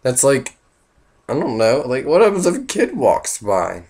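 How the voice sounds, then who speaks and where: Hoarse man, casual comic storyteller, rambling with lots of "like". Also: medium pitch, sing-song, measured pace, a little mellow. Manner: rambling, full of "like" and "you know", voices in the quotes. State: hoarse, losing his voice. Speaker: vlogger.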